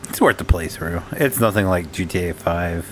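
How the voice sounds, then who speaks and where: A man's voice: low voice, moderate pace, slight background noise. A man streaming a game and chatting casually with a friend in a joking, playful way. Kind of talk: casual chat while gaming.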